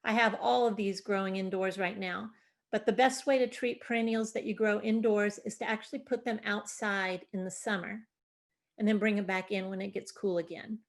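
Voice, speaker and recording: A woman's voice: medium pitch, fairly even intonation, moderate pace. A woman presenting an online gardening workshop on a video call, explaining in a chatty, informal way with fillers. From Delaware, USA.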